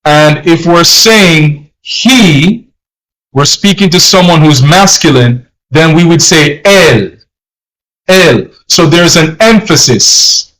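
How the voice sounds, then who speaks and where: A man's voice: on the high side, slow pace, fairly bright tone, low-quality recording. A man teaching a live-streamed language lesson, patiently explaining and repeating phrases in Spanish and English.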